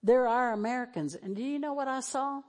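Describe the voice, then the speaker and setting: A woman's voice: high voice, fairly quick, a little mellow. Woman pastor, televised church sermon, fervent then tearful delivery. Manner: emotional, shifts between fervent and tearful. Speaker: preacher.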